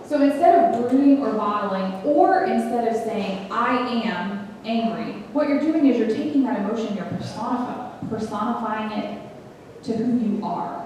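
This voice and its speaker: A woman's voice: a little high, lively intonation, moderate pace, a little mellow, slight background noise. A woman giving an earnest, conversational teaching talk, reading scripture aloud and speaking to a group about emotions. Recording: echoey hall from far off.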